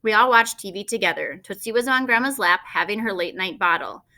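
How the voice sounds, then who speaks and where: A woman narrating a children's novel in the first person, lively and expressive. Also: medium pitch, fairly quick. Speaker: audiobook narrator.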